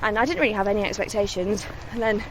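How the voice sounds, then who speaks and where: A young singer-songwriter from England's West Midlands talks fast in a medium-pitched voice, chatting modestly and laughing easily while being interviewed on a countryside walk. It's a casual outdoor interview, with slight background noise: faint outdoor ambience and distant vehicles.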